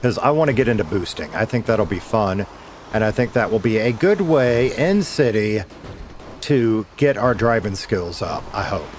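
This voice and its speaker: His voice is lowish with lively intonation at a normal speed, with slight background noise. As he streams a game, he chats casually and rambles, addressing himself one moment and his viewers the next.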